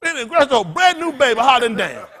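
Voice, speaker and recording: A man's voice: very high voice, sing-song, a little fast, bright, forceful tone. A man pastor delivering an impassioned sermon in colloquial, conversational preaching talk that builds into emphatic outbursts. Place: congregation gathering.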